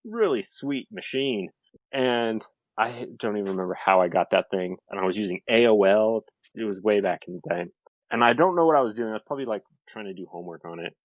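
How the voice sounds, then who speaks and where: A man with a fairly low voice tells a long, animated story, piling on fillers as he goes. The sound is dry and close, with no room echo at all. It is relaxed podcast chat. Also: brisk. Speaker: podcast guest.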